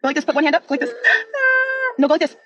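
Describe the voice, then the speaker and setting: A woman's voice: high-pitched, little pitch movement, racing, voice pushed up, close to an everyday voice. A woman in a played clip giving insistent, repeated orders to a child. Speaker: parent in an archived clip. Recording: dull clip with faint noise.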